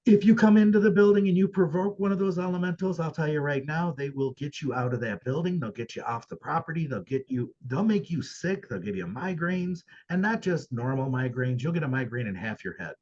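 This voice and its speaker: A man's voice: a little high, animated, brisk, few pauses, darkish tone. Man telling earnest stories, muffled audio. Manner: earnest storytelling, emphatic. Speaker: paranormal venue owner, guest. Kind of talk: casual podcast interview.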